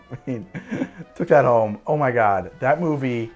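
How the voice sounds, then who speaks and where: A man in his forties hosting a cocktail show, talking casually to camera in an animated, digressive and jokey way. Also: medium pitch, unhurried, highs cut off, over music.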